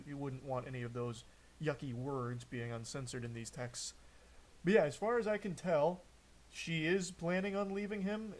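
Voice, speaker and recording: A man streaming casual reaction commentary, sarcastic and exasperated as he talks through what he reads. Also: fairly high pitch.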